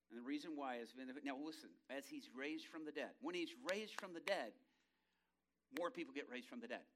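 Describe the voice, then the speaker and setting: Man, preacher, sermon, high voice, bright tone, dramatic storytelling, acts out voices. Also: a little hiss or hum. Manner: dramatic storytelling, swinging from hushed low tones to loud bursts.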